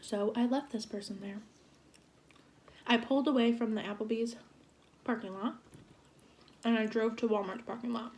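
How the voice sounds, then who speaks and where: A young woman in her twenties telling a storytime vlog in an animated, exasperated way. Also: a little high, slight background noise. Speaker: vlogger. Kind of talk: storytime vlog while eating.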